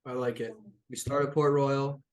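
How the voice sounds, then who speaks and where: A man's voice: medium pitch, level tone, moderate pace. A man narrating as game master of a tabletop game, talking casually with lots of fillers and the odd swear word.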